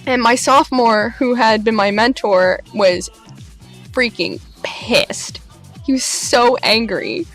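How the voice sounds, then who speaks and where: Animated young woman vlogger, slightly high. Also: takes it slowly, faint music behind. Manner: animated, acts out quoted voices with big pitch jumps. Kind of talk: excited storytelling recap.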